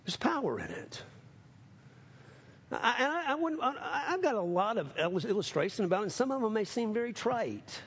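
A man preaching a sermon, building from steady teaching to impassioned calls, repeating phrases for emphasis. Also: high voice, moderate pace, slightly rough. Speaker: pastor.

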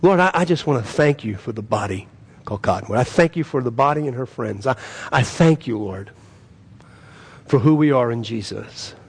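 A man with a gravelly, husky voice preaches as a pastor. He talks in an earnest, pleading way, and his emphasis swells through the prayers. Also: mid-range voice, expressive, moderate pace. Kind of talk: sermon and prayer.

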